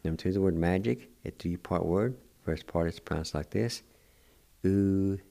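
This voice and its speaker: An older man hosting a radio language lesson, spelling words letter by letter and repeating each pronunciation slowly. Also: deep voice, vocal fry, warm tone. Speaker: radio host teaching language.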